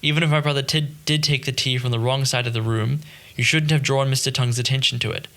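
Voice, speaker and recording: A man's voice: medium pitch, steady tone, fast, fairly bright tone, lightly acted. A man voicing a stubborn, preachy uncle in an audiobook, lecturing and scolding as he talks. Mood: reproachful. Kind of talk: audiobook character reading.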